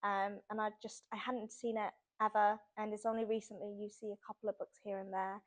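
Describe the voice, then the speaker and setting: A woman's voice: mid-range voice, level tone, a little fast. A young adult woman, an author, chatting casually in an interview and laughing often. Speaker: author guest.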